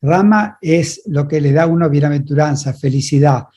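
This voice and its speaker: A male interpreter with a fairly high but mellow voice relays a spiritual talk phrase by phrase. He restarts now and then as he works through each passage, keeping the delivery steady and plain. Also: fast talker.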